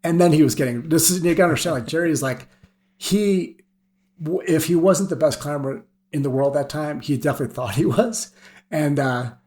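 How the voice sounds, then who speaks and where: A man's voice: a little high, brisk, darkish tone. A middle-aged man, a veteran climber and podcast guest, telling stories in a casual, rambling way, often laughing and filling with "you know" and "like". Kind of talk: casual storytelling.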